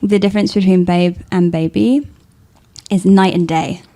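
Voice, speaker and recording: A woman in her thirties with a southern English accent, an English coach chatting lively on a podcast and laughing easily. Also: lowish voice, moderate pace. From England. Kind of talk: casual podcast chat.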